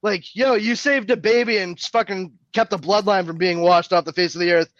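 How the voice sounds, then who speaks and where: A man in casual, profane podcast chat, cracking jokes and slipping into quick impressions. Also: sits high, a bit bright, dry recording, highs cut off. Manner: jokey, profane, does quick character impressions.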